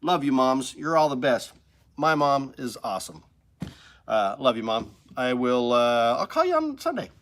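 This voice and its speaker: A man's voice: mid-range voice, big pitch swings, moderate pace, fairly bright tone, slight background noise. A man from the hosting a casual live stream from a music store studio, upbeat and rambling.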